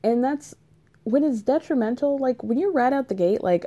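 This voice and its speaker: A woman's voice: high-pitched, lively intonation, a little slow, warm tone. A woman giving casual, sarcastic commentary on a reality show, swearing freely and peppering her speech with "like.". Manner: chatty, sarcastic, swears freely, many "like" fillers.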